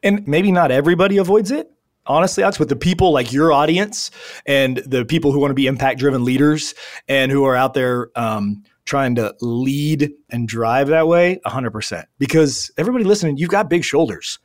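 A man's voice: medium pitch, brisk, dry recording. Earnest man in his forties, dry sound. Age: 40s. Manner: earnest, heartfelt, says "man" and "dude" often. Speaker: podcast guest, business owner. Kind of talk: casual conversation.

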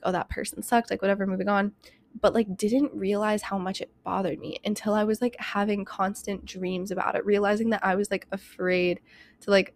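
A young woman hosting a self-help podcast, talking fast and candidly with lots of "like" and "you know", a bit out of breath. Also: mid-range voice, a little mellow, no room sound. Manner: rapid, chatty, heavy use of "like" and "you know", candid and emphatic. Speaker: podcast host.

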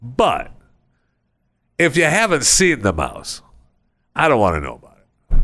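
A man's voice: expressive, moderate pace, long pauses, sharp tone, clean tone. A man hosting a podcast in a studio, rambling sarcastically in a casual comedic monologue. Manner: rambling, sarcastic, acts out people in high voices. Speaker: podcast host. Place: recording studio.

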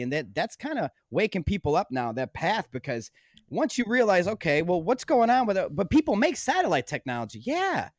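Lively high-voiced man, emphatic guest. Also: no room sound, clean studio sound. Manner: animated storytelling, emphatic and insistent. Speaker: podcast guest, documentary filmmaker. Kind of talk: casual podcast conversation.

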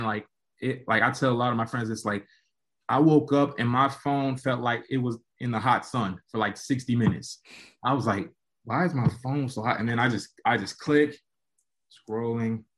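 A young man, a college football player, telling a casual story as a podcast guest and acting out quotes in an animated way. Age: young adult. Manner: animated, acts out quotes with jumps in pitch.

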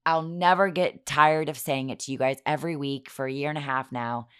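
Hoarse, giggly low-voiced woman. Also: fairly quick. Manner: giggly, self-mocking, animated. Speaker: podcast host. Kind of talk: casual chatty storytelling.

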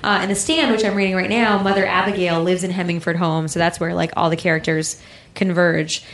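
A woman's voice: on the low side, little pitch movement, fairly quick, roomy sound. A woman hosting a casual podcast, explaining at length with plenty of fillers. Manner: chatty, explains with many fillers.

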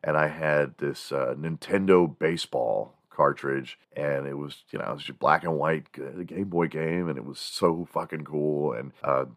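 A man's voice: a bass voice, normal speed, few pauses, no echo, clean studio sound. A man in his forties, from Texas, hosting a morning show and telling rambling, profane childhood stories with laughs of his own. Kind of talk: casual comedic storytelling.

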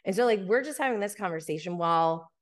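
A woman in casual podcast chat, her voice sitting at an everyday middle pitch. She tells her story loosely, full of "like" and "um", and livens up whenever she quotes someone. It sounds unscripted and conversational. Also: quick pace. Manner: chatty, many fillers and "like", animated when quoting others. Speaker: podcast host.

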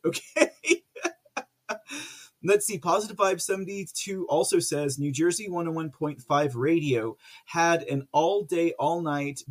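Chatty, higher-voiced male livestream host. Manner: chatty and rambling, many fillers, laughs often. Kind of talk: casual livestream commentary reading viewer chat.

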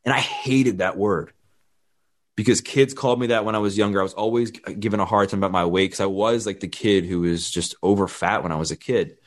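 A man's voice: on the low side, a little fast. A man in his thirties, a fitness trainer, candidly telling his life story in a plain-spoken way and acting out the dialogue he quotes.

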